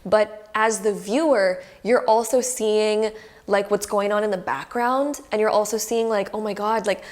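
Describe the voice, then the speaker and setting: A young woman with a mid-range, darkish voice gives a casual pick-a-card tarot reading to a camera close by, speaking at a measured pace. She's chatty, effusive and emotional, saying "like" constantly.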